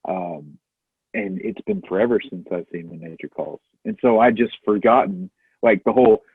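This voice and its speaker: A man talking casually on a movie podcast, easygoing and nostalgic, with plenty of fillers. His voice sits low and husky, and it comes through a narrow, phone-like line that is dry and close. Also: normal speed, no echo. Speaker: podcast co-host.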